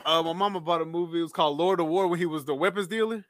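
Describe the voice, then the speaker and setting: A man's voice: on the high side, fairly even intonation, racing, a bit bright. A man co-hosting a casual podcast, laid-back and chiming in with short remarks. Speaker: podcast co-host. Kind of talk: casual chat.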